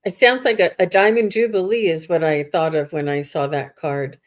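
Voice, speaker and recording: A woman's voice: on the low side, steady tone, moderate pace. A woman psychic medium chatting on a live stream over a video call, reassuring and greeting viewers by name.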